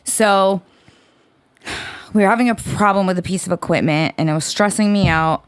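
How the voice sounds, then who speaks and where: A woman's voice: mid-range voice, normal speed, clear, resonant tone, no echo. A woman co-hosting a podcast in casual chat, blunt and wry, swearing freely. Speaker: podcast co-host.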